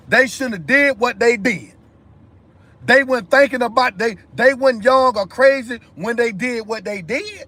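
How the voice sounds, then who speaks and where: Emphatic high-voiced man on a livestream. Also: normal speed, fairly bright tone. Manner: emphatic, repetitive, addresses viewers directly. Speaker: live stream host. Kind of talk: impassioned commentary monologue.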